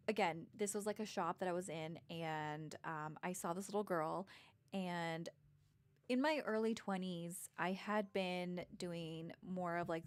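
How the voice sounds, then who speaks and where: Rambling woman telling stories, lowish voice. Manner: rambling, full of fillers and restarts. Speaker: vlogger. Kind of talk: casual storytelling.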